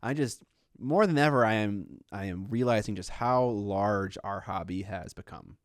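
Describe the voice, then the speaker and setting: A man's voice: lowish voice, moderate pace, no echo, studio quality. A man from the United States co-hosting a podcast, easygoing, swearing and laughing along. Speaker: podcast co-host. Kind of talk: casual chat.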